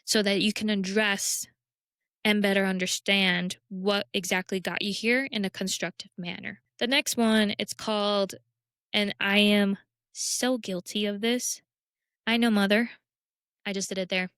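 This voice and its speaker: A young woman talks through self-help topics in a candid, conversational way, often poking fun at herself. Her voice is smooth and resonant. It is recorded close and dry, with almost no room sound. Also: medium pitch, steady tone, measured pace, fairly bright tone, no echo. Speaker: podcast host. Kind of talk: casual self-help talk.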